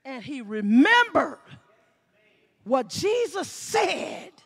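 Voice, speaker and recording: High-voiced woman preaching. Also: extremely slow, creaky. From Mississippi. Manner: animated preaching, acting out scenes, shouting. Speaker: pastor. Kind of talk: sermon.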